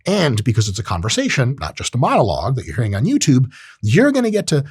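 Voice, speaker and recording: A man hosting a podcast, talking in a casual monologue, profane and animated, jumping into high-pitched voices. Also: fast, husky, no room sound, clean studio sound. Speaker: podcast host.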